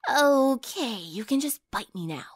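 A woman's voice: sits high, lively intonation, measured pace, breathy edge, dry recording, clean studio sound, pitched above the performer's own voice, exaggerated voice. A brash tomboy with a raised, punchy voice, as a woman reads her. She is blunt and bold, a storybook figure.

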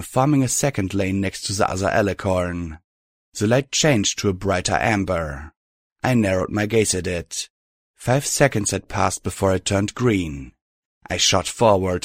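Low-voiced man reading a story. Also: moderate pace, dry recording, studio quality. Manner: steady first-person storytelling. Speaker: narrator. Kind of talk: audiobook reading of fan fiction.

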